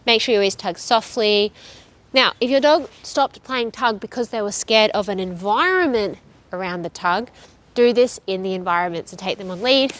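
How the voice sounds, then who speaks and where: A woman dog trainer, out of breath, coaching viewers in a direct, brisk way with frequent check-ins. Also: mid-range voice. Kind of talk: instructional video.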